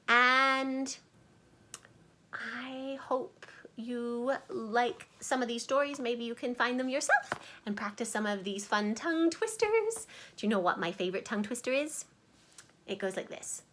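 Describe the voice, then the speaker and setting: A woman's voice: fairly high pitch, a little slow, a bit bright. A woman reading a children's picture book aloud, playful and chatty, with asides between the verses and sometimes dropping to a whisper.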